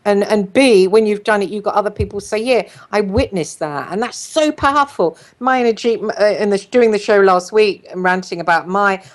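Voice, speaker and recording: A woman psychotherapist hosting a show, telling stories in a casual, rambling way with many pauses and restarts. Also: medium pitch. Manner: storytelling, many ums and restarts. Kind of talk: casual group chat.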